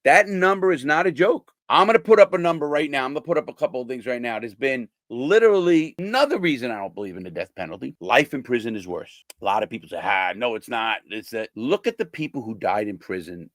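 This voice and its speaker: A man's voice: medium pitch, expressive, quick pace, hardly any pauses, fairly bright tone, no room sound. An older man, a former prisoner, talking bluntly and casually to his viewers, swearing and acting out the people he quotes.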